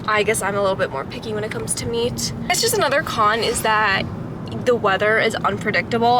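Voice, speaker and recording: A woman chatting casually to camera as a travel vlogger, filling her talk with frequent "like"s. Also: fairly high pitch. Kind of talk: casual vlog chat to camera. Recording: background noise, outdoors and in car.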